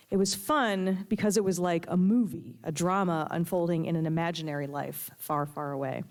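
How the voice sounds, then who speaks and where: A woman reading her own fiction aloud with a steady storytelling delivery. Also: on the low side. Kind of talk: prose reading.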